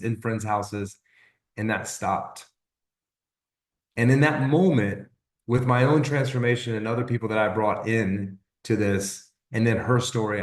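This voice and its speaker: A man's voice: lowish voice, reverberant, distant mic. A man giving a casual personal testimonial on an informational call, animatedly acting out the conversations he retells. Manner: animated storyteller acting out quoted dialogue.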